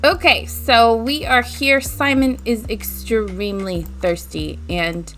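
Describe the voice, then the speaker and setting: A woman's voice: a little high, slow, a bit bright, faint music behind. A woman hosting a let's play, retelling the story of her game in a chatty way. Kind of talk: casual game narration.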